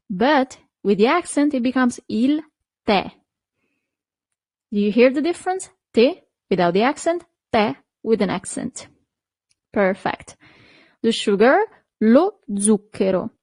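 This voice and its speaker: A woman, teaching a beginner language lesson, pronouncing each word slowly and repeating it with brief praise. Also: a little high, animated, a little mellow, no room sound. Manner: slow, clearly repeated pronunciation with short praise.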